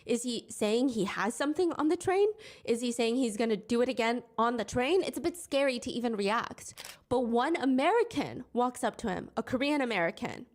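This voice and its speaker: A young woman narrates a commentary video. Her voice sits a little on the high side, and she keeps a casual, wry delivery throughout, with frequent incredulous asides. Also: lively intonation, fairly quick. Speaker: commentary YouTuber. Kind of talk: storytelling commentary.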